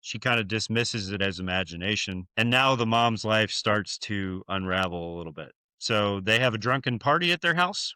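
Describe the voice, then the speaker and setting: Recapping a horror movie on a podcast, this American co-host tells the story casually, with plenty of fillers and swearing. He has a mid-range voice, bright and forceful, recorded clean and dry.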